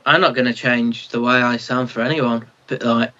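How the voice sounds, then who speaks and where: A man's voice: medium pitch, fairly even intonation, normal speed, sharp tone. Young Mancunian man on muffled audio. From Manchester, England. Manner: plain-spoken, proud, frequent "like" fillers. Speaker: guest singer-songwriter. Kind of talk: casual interview.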